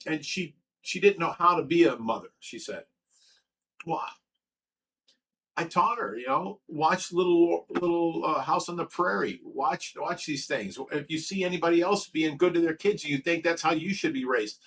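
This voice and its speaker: A man's voice: fairly high pitch, moderate pace, a bit bright, slight background noise, poor audio. A man hosting a casual livestream, reading viewer comments aloud and answering them in an earnest, emotional way. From Ohio. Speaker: livestream host reading chat.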